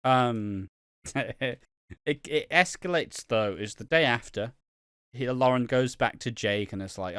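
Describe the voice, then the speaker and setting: Bright, sweary male podcast co-host. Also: medium pitch, takes it slowly, smooth, no echo, clean studio sound. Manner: sweary, rambling, laughs often. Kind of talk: casual chat.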